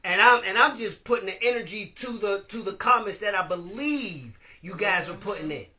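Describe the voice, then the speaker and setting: A man hosting a casual live-stream podcast, animated and laughing as he talks to his viewers. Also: high voice, moderate pace, crowd noise. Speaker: podcast host.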